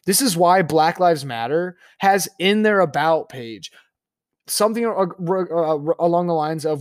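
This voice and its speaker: A young man rants on his own podcast in a fairly high voice. He stops, restarts and repeats himself as he presses his point. The sound is dry and close, with no room around him. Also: animated, measured pace, clean tone, no echo. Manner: impassioned, repetitive, many restarts and stammers; mocking voices when quoting opponents. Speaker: podcast host. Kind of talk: solo opinion podcast monologue.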